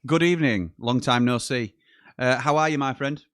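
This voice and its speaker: A man's voice: medium pitch, normal speed, fairly bright tone, no room sound, clean studio sound. Chatty man hamming up a Welsh accent. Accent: deliberately exaggerated Welsh accent. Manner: chatty, rambling, self-correcting. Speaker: football watch-along host. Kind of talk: casual live-stream chat.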